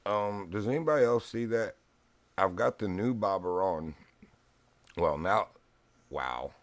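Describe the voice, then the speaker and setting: A Virginia man streams a fishing game, spinning rambling stories and chuckling often in casual chat. His voice sits on the low side with lively intonation and a measured pace. The recording has no echo.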